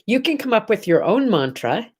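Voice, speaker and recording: A woman's voice: medium pitch, very animated, normal speed, darkish tone, husky. A woman hosting her morning vlog from a room at home, chatting with viewers in an encouraging way and often asking them questions. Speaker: host. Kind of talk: casual morning vlog talk.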